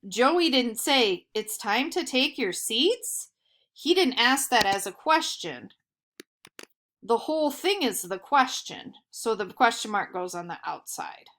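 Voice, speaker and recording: A young woman teaching sixth graders, slowly and carefully explaining quotation punctuation and reading example sentences aloud. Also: fairly high pitch, very animated, a bit bright, slight background noise. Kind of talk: screen-recorded grammar lesson.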